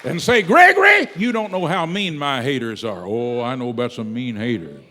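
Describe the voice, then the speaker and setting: Preacher in an echoing hall. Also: male voice, medium pitch, expressive, a faint crowd, a little hiss or hum. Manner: dramatic swings in loudness, drawn-out emphatic words. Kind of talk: sermon. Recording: long reverb of a large hall.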